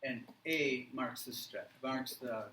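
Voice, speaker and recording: Slow, deliberate male English teacher. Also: medium pitch, fairly even intonation, roomy sound, far from the mic, noisy background. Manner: slow, deliberate, checking with "okay?" and "right?". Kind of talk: classroom workshop instruction.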